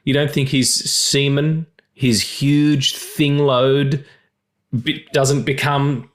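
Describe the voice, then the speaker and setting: A man hosting a podcast in casual, crude, jokey banter, his voice still slightly gravelly after losing it. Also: mid-range voice, slow. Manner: animated, crude, jokey, with restarts. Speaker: podcast host.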